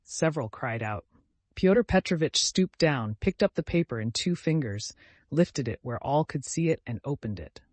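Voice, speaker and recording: A man narrating a classic novel in a measured, dramatic reading. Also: a little high, lively intonation, no room sound. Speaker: audiobook narrator. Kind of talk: scripted narration.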